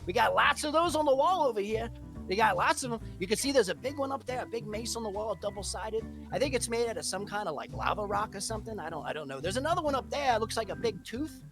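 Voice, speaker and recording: A man's voice: high-pitched, music in the background, pitched above the performer's own voice. A man voicing an eager male halfling shopkeeper with a New Jersey accent and pushy salesman patter. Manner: excitable, fast-talking salesman patter.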